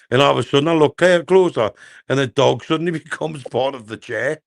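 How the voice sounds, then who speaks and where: A gravelly-voiced man from Cumbria rambles through crude stories on a live stream. He swears freely, trails off and loops back, and his pitch sits in the middle range with plenty of vocal fry. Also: brisk. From Cumbria, England. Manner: rambling anecdotes, laughs often, sweary. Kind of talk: crude casual banter.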